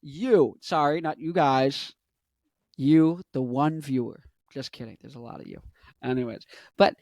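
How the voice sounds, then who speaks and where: A vlogger in his twenties rambles through a casual commentary monologue, cutting himself off with joking asides. His medium-pitched voice has a darkish tone and a measured pace, with no room sound.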